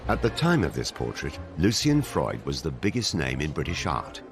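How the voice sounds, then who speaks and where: Deep-voiced male documentary narrator. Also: huge pitch swings. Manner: measured, dramatic documentary delivery. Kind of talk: scripted narration. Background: music.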